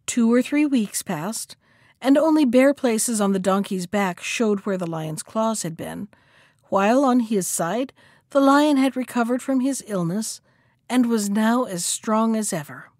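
A woman reading a folktale aloud as a storyteller, lively in the quoted lines. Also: a little high, no echo, studio quality. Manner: expressive, acts out the characters' lines.

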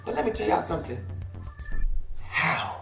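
Bright, blunt gossip host woman. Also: low-pitched, moderate pace, creaky, roomy sound, soft background music. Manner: blunt, profane, animated storytelling. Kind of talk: gossip commentary.

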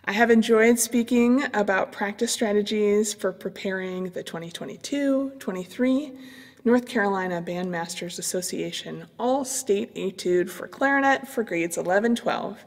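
A middle-aged woman, a clarinet professor, calmly explaining practice strategies in an instructional demonstration. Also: medium pitch, moderate pace, long reverb tail. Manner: calm, explanatory, with fillers.

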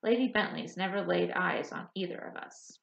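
A woman voicing a kind, practical young woman, the identical twin sister, speaking gently and coaxingly in an audiobook. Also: fairly low pitch, moderate pace, creaky, a little hiss or hum. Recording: roomy, slightly dull audiobook recording.

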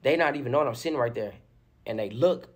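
A young man with a husky, slightly breathy voice tells a story in a casual, animated way. He talks in loose slang and keeps the tale rolling with constant fillers, at a middling pitch. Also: fast talker. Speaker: storyteller in a played interview clip.

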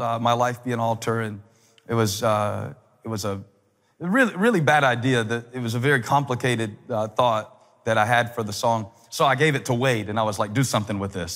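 A man in his forties preaching a sermon as a pastor, telling stories with humor and building up to shouted climaxes. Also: mid-range voice, big-room sound. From United States. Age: 40s.

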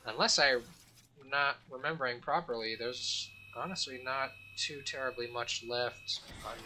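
Bright-voiced rambling gaming host. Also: male voice, medium pitch, unhurried, slight background noise. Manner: rambling, joking storyteller with fillers and restarts. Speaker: let's play host. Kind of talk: casual gameplay commentary.

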